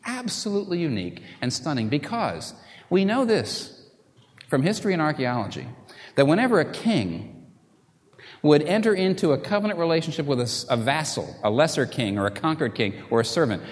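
A man preaches with dramatic force, his voice swinging widely in pitch. He pushes up into loud, urgent questions, then sinks to hushed near-whispers. The sound carries a long reverb, like a large hall. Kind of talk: sermon.

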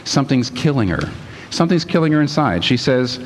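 A man preaching a sermon as pastor, lively and emphatic, reading passages aloud. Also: mid-range voice, fairly quick, big-room sound, a little hiss or hum.

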